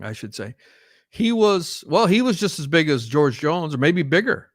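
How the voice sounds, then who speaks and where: Co-hosting a podcast, a man talks casually and meanders, restarting often and leaning on fillers. His fairly high voice has a sing-song lilt at normal speed, recorded clean in a studio with no room sound.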